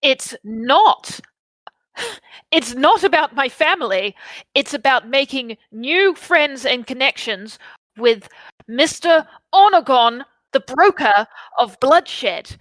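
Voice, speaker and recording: A woman's voice: on the high side, lively intonation, fairly bright tone, no echo, poor audio. A woman playing a tabletop role-playing game, speaking in and out of character. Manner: unhurried, drops into in-character lines. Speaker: player.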